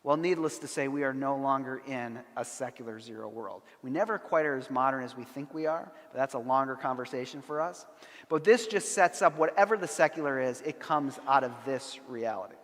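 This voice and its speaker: A middle-aged man giving a conference lecture, an animated storyteller with dry humor who acts out the people he quotes. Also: medium pitch, a little fast. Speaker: conference speaker. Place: large church sanctuary. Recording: long hall reverb.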